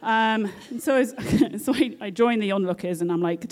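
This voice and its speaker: A British nurse shares a personal story in a lively, animated way, laughing frequently. Her voice sits at a medium pitch and moves at a moderate pace.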